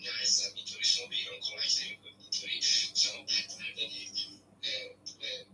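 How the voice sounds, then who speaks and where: A man's voice: mid-range voice, pushed and bright. Impassioned Iranian man, distant echoey room. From Iran. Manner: earnest, urging, repeats his point. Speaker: guest. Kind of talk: impassioned political appeal. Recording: echoey room, far from mic, faint noise.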